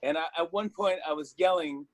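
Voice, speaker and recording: A man's voice: fairly high pitch, fairly quick, dry recording. A man hosting a talk show interview, gushing with enthusiasm and often restarting his sentences.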